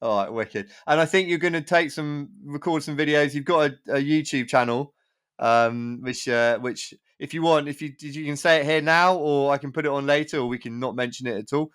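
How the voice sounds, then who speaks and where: A man's voice: a little high, moderate pace, a bit bright, clear, resonant tone, dry recording, clean studio sound. A man hosting a podcast, chatting casually with an old school friend, swearing and laughing as he tells stories. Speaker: podcast host. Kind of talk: casual chat.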